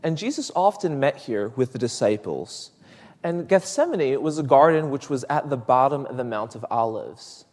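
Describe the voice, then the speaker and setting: A preacher giving a sermon in a conversational, storytelling way, with small restarts. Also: male voice, medium pitch, very animated, moderate pace, darkish tone, big-room sound.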